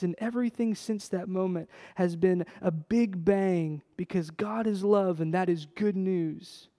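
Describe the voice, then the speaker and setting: Impassioned high-voiced male pastor preaching. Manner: impassioned, swings from hushed to loud emphasis. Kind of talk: sermon. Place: church sanctuary. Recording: long reverb of a large hall.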